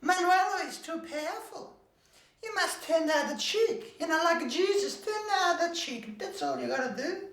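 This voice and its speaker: Man playing old fussing mother, high pleading falsetto, distant and roomy. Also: lively intonation, normal speed, fairly bright tone, heavily acted.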